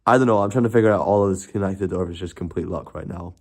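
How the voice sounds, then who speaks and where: A man's voice: low voice, quick pace, darkish tone. A man chatting casually and rambling on a live stream, laughing and swearing as he goes.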